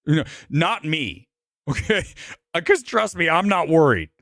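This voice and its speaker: A man hosting a casual live movie-review stream, talking in a brash, rambling way with frequent swearing and quick laughs. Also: a little high, sing-song, vocal fry, a bit bright, dry recording, studio quality. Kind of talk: casual live-stream chat reading comments. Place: home studio near Los Angeles.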